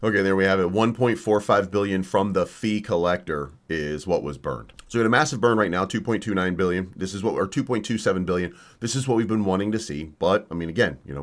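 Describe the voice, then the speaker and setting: A man hosting a crypto channel, lecturing viewers in a combative, repetitive rant. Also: sits low. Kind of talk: casual ranting commentary.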